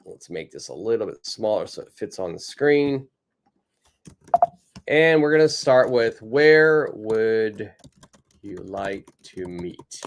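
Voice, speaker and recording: Slow, patient male English teacher. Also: medium pitch. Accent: North American English. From North America. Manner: patient, encouraging, repeats phrases slowly for practice. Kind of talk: live online English lesson.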